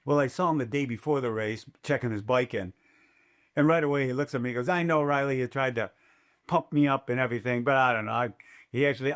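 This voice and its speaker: An older man, a race announcer, telling stories in a podcast interview and acting out quotes in a raised voice. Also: medium pitch. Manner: animated, acts out quotes in a raised voice.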